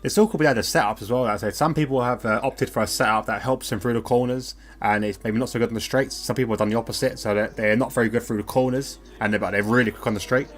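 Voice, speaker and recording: A man's voice: mid-range voice, steady tone. A man co-commentating an online sim race live, casual and talkative, chatting with viewers between calls. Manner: fast, casual, banter with chat.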